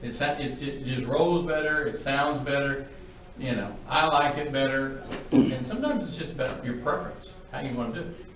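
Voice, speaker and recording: A man's voice: medium pitch, moderate pace, fairly bright tone, slight background noise. A man instructing an auctioneering class, blunt and joking, demonstrating the chant. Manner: blunt, joking, plain-spoken. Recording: very echoey room from far off.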